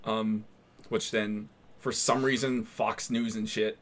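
A man co-hosting a casual horror movie podcast, relaxed and recounting facts he looked up, with frequent fillers. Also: lowish voice, slow pace. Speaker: podcast co-host presenting research. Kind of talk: casual chat.

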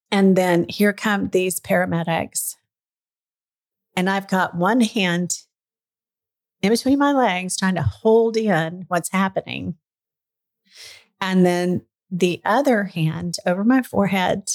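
Speaking slowly in a mid-range voice and pausing often, a middle-aged podcast guest shares a personal story. She is candid and chatty, and at times emotion comes through.

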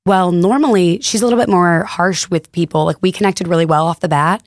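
This young woman from Texas, a store co-founder, talks briskly in a lowish voice as a podcast guest, recorded dry and clean in a studio. She tells her stories in a casual, chatty way, laughing along and dropping "like" constantly.

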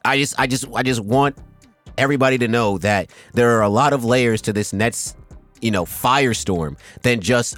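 A podcast host delivers a heated sports rant, emphatic and profane, often pausing to ask "right?". His mid-range voice is a bit bright at normal speed, recorded with no room sound over soft background music.

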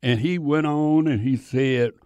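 A man preaching a sermon, reading scripture haltingly and breaking off into folksy, animated asides. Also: medium pitch, clean tone, no room sound, lo-fi sound.

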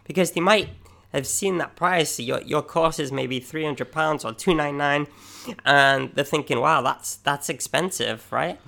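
Gravelly man, podcast co-host, chatty explainer with fillers. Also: a little high, a little slow, bright, forceful tone. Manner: explains with examples, many fillers. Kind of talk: casual business podcast chat.

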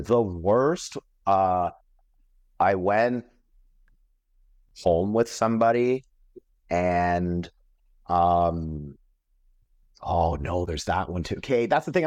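A man's voice: sits low, a little mellow, no room sound. A Canadian man, a comedian guest on a podcast, telling stories in a rambling, profane, casual way, full of "like" and restarts. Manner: profane, rambling, heavy use of "like".

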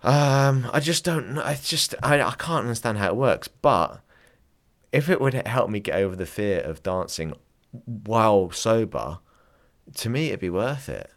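A man's voice: fairly low pitch, lively intonation, measured pace. A man hosting a podcast, chatting casually in a rambling way, restarting his sentences as he shares stories. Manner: rambling, frequent restarts, laughs while storytelling. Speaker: podcast host. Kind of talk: casual chat, anecdotes.

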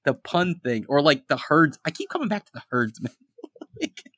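A man's voice: fairly high pitch, moderate pace, no echo. A man co-hosting a casual movie podcast, retelling scenes and acting out lines in playful voices, laughing often. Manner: animated, acts out quotes in funny voices. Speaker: podcast co-host.

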